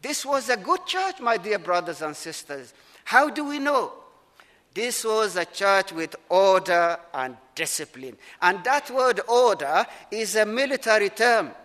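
Middle-aged male pastor, high, bright preaching voice, earnest and emphatic, in a reverberant church. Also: big pitch swings. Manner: earnest, emphatic preaching with slowed stresses and repeated phrases. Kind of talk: sermon. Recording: long reverb of a large hall.

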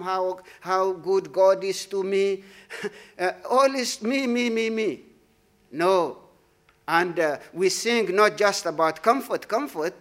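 A man preaching a sermon in a church, emphatic, repeating his phrases and trailing off softly at the ends of lines. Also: high voice.

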